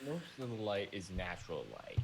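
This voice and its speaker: A man joining a podcast as a guest, talking casually and haltingly, restarting his words. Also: sits low, very animated, very noisy. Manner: hesitant, halting, repeats words. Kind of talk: casual chat.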